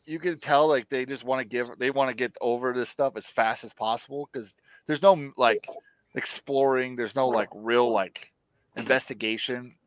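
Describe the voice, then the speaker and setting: A man's voice: medium pitch, moderate pace, no room sound. A man co-hosting a casual review podcast, retelling scenes in an exasperated, profane way with lots of fillers. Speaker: podcast co-host.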